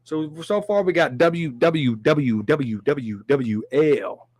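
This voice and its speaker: A man with a fairly high voice hosts a live sports stream, talking in an animated way and reading out viewer comments. His voice is close and dry, with no room sound around it. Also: slow pace, slightly rough, no room sound. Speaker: sports show host.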